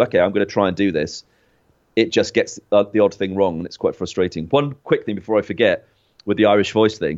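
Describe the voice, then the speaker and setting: A man co-hosting a podcast, chatting casually about tech, laughing often and restarting sentences. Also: lowish voice. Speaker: podcast co-host. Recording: slightly dull lo-fi sound.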